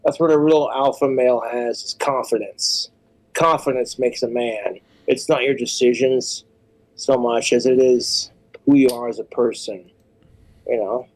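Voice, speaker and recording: A man's voice: mid-range voice, unhurried, low-quality recording. A man with hiccups on a crude, boastful, rambling rant, stumbling over his words. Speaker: streamer in a played clip.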